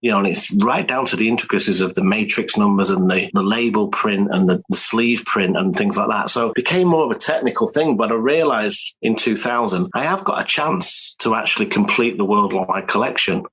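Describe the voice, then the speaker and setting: Guest voice: husky, low-leaning man from England, lively anecdotes with acted-out quotes, casual and a bit sweary. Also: a little fast, few pauses, poor audio. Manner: animated storyteller, swears, acts out quotes. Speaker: guest, collector. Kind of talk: casual interview chat. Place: home studio with archive.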